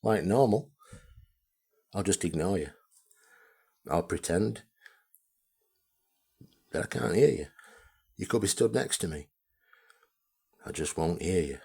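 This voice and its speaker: A man's voice: low voice, animated, measured pace, vocal fry, pauses often, a little mellow, slightly rough. A man, an amateur radio vlogger, delivering a blunt, heavily profane, repetitive rant to camera. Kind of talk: ranting video monologue.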